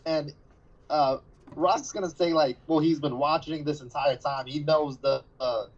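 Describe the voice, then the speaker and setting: A man's voice: fairly high pitch, fairly even intonation, measured pace. Rambling man with a raised voice. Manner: rambling, profane predictions. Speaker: podcast co-host. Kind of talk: casual podcast chat. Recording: dull lo-fi sound.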